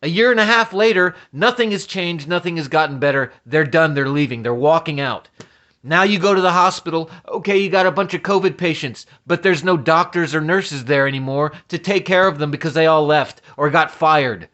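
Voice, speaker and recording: Man, higher-pitched voice, angry vlog rant, swearing, stumbling restarts. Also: brisk, fairly bright tone, lo-fi sound. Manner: agitated, profane, stammering restarts. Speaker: vlogger. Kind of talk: ranting commentary.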